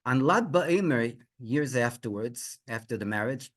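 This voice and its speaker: Animated rabbi telling a story. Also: male voice, medium pitch, measured pace. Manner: animated, many restarts and fillers, rhetorical questions. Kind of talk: religious storytelling.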